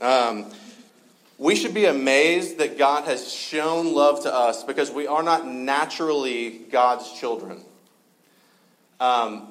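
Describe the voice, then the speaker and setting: A man preaching a conversational sermon to a live gathering, relaxed and full of fillers and joking asides. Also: mid-range voice, rough recording.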